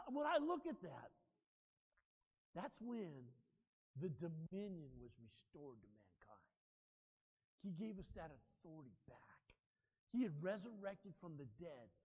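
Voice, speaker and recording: A male pastor preaching a sermon, telling stories in an animated way and joking with his congregation. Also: a little high, big-room sound. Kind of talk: sermon with personal storytelling.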